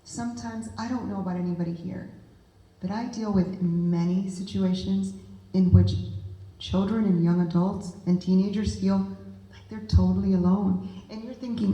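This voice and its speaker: A woman's voice: medium pitch, fairly even intonation, moderate pace, dark tone. Woman talking to a room of parents, earnest and emphatic, echoey hall sound. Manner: earnest, emphatic, addresses the audience directly. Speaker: guest speaker at a parent group meeting. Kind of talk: motivational talk to parents. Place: meeting room with audience.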